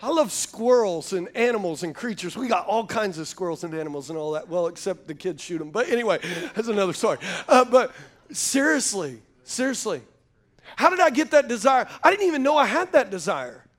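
A man's voice: sits high, very animated, brisk, fairly bright tone. A man preaching a sermon, telling folksy stories and calling out to the congregation. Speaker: pastor.

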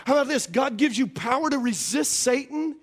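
A man's voice: very high-pitched, brisk. A man preaching as a pastor, joking and laughing often, on a wireless stage mic in a church. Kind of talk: sermon.

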